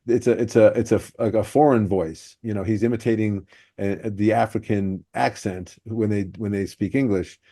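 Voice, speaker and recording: A male podcast host with a low, mellow voice, breaking down jokes in an analytical way. The sound is dry and close. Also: fairly even intonation, moderate pace, no echo. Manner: analytical, explaining joke structure. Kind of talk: podcast discussion.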